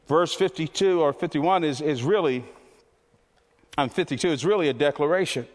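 A man preaching a sermon as pastor, impassioned and repetitive, his voice climbing toward near shouts. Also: on the high side, normal speed, long reverb tail.

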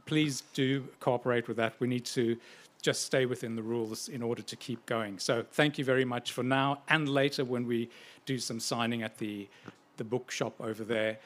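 A man hosting a live on-stage book interview in a measured, friendly way. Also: mid-range voice, steady tone, fairly bright tone. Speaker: interviewer and event host. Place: stage before a live audience.

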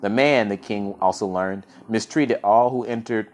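A man's voice: fairly low pitch, moderate pace. A man hosting his own podcast, casually reading a story aloud and often stumbling over and correcting words. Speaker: podcast host and reader.

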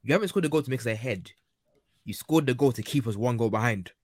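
A man's voice: medium pitch, fast talker, darkish tone, no echo, studio quality. A man co-hosting a casual football podcast, blunt and exasperated in manner. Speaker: podcast co-host.

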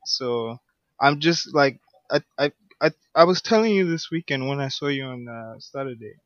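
During a relaxed podcast chat, a male co-host speaks hesitantly at a mid pitch and normal speed, stammering through many restarts and "um"s. His audio is dry and echo-free but slightly dull and lo-fi.

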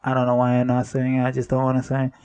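A man's voice: completely flat delivery, very fast, a little mellow, smooth. A man hosting a solo podcast, talking casually in a rambling way and correcting himself as he goes. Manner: rambling, self-correcting, drifts between upbeat and low-key. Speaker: podcast host.

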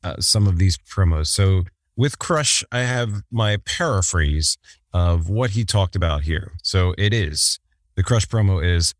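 Brief: man, low voice, jokey podcast co-host, dry close mic. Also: expressive, unhurried, no room sound, soft background music. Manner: jokey, rambling, laughs often. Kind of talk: casual chat.

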